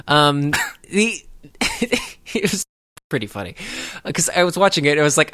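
A man's voice: on the high side, expressive, moderate pace, a bit bright. A man co-hosting a podcast, chatting casually about a movie in a rambling way with frequent fillers and laughs. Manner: rambling, self-interrupting, laughs often. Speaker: podcast co-host.

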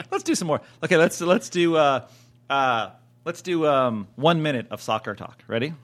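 Rambling American podcast co-host. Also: male voice, on the high side, big pitch swings, moderate pace. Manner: rambling, many fillers and restarts, laughs easily. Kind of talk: casual chat.

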